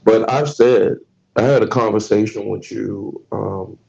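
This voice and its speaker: A man's voice: on the low side, steady tone, measured pace, vocal fry, mellow, dull audio. A man hosting a podcast, telling stories in a casual, profane way and laughing often. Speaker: podcast host.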